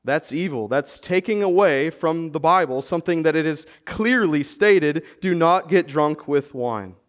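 A man's voice: a little high, expressive, unhurried. An American man preaching a sermon as pastor, earnestly teaching and pressing emphatic rhetorical questions. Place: church sanctuary.

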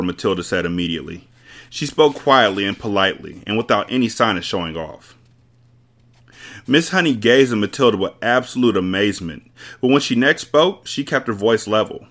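A man's voice: fairly low pitch, expressive, normal speed, a bit bright. A man hosting a podcast, reading a children's book aloud with casual asides to listeners. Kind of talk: storybook read-aloud.

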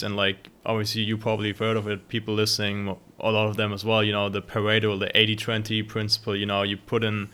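Male interviewer, lowish voice, hesitant, filler-heavy questions. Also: sharp tone. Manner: hesitant, many fillers and restarts. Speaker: podcast host. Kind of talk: interview conversation.

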